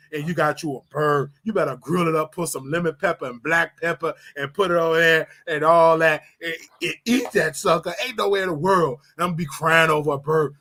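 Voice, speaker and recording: A man from Chicago hosting a show, giving animated, opinionated commentary on celebrity gossip and often repeating and restarting his words. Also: a little high. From Chicago, United States. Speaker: show host.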